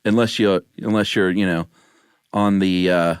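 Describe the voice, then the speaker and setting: A man's voice: low voice, steady tone, measured pace, clear, resonant tone, no room sound, studio quality. A man co-hosting a podcast in casual chat, rambling with hesitations and laughing often. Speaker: podcast co-host.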